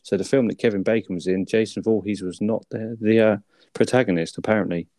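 A man's voice: lowish voice, fairly even intonation, quick pace, mellow, no echo. A man co-hosting a casual film review chat, laid-back and full of tag questions. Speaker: film review podcast co-host.

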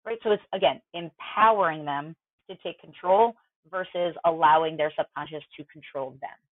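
A woman's voice: low-pitched, moderate pace, no room sound. A woman mental performance coach, a podcast guest, explaining in a chatty way with many fillers. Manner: conversational, explanatory, filler-heavy. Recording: dry tinny phone-like line.

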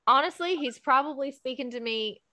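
A woman's voice: sits high, normal speed, sharp tone, no echo. A woman co-hosting a casual Christian podcast, chatty and joking, often laughing between points. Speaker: podcast co-host. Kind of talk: casual faith chat.

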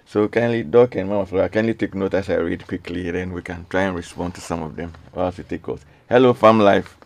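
A man's voice: low voice, fairly even intonation, quick pace, gravelly, a little mellow. A man hosting a radio call-in show, earnestly reading out listener messages and repeating his requests. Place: radio studio.

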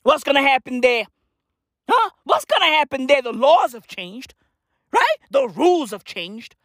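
Vlogger, hoarse voice, comedic rant, heavy slang and swearing, lively swooping pitch, dry close sound. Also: measured pace, dry recording. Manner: slangy and swearing, repeating "bruv" and "fam". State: losing their voice, hoarse. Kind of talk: profane comedic rant to camera.

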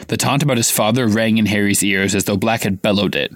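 A man's voice: lowish voice, steady tone, fast, no echo. Man reading a novel aloud, dry sound. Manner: reads dramatically, acting out dialogue with raised voice. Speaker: podcast co-host reading aloud. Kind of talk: casual live read-aloud of a novel.

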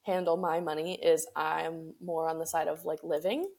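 Young woman podcaster, lowish voice, rambly casual chat full of likes. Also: little pitch movement, moderate pace, gravelly, darkish tone, slightly rough. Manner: chatty, frequent "like" fillers, laughs easily. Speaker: podcast co-host.

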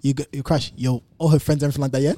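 A young man, rambling fast in casual podcast banter. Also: medium pitch, steady tone, mellow, no room sound. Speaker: podcast co-host. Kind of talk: casual chat.

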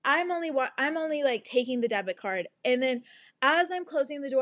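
A woman's voice: high-pitched, brisk. A young adult woman hosting a podcast, telling a story in a casual monologue full of swearing and sing-song asides. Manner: animated, swears often, breaks into laughs and sing-song asides. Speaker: podcast host.

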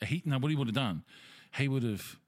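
A man co-hosting a podcast, throwing in crude, quick-witted banter. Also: mid-range voice, expressive, dry recording, studio quality. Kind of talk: casual chat.

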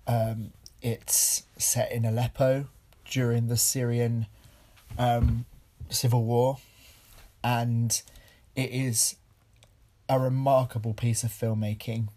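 A man hosting a film podcast, speaking earnestly and haltingly with many pauses, audibly moved. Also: mid-range voice, dark tone. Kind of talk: casual film review podcast.

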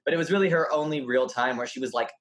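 Man, co-host, casual chat, bright edgy tone, meandering delivery. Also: on the high side, rapid-fire. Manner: rambling, full of "like" fillers. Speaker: podcast co-host.

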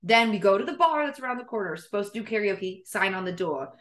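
A young woman with a bright, sharp voice tells a dating story to her co-hosts. She is animated, laughs often and swears freely. The sound is echoey, as if from a bare room. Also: medium pitch, quick pace. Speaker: podcast co-host. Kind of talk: casual storytelling chat.

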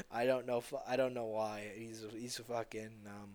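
A man's voice: lowish voice, level tone, unhurried, darkish tone. A man delivering a heated, profane vlog rant, repeating himself and stumbling over restarts, with bitter laughs. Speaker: vlogger.

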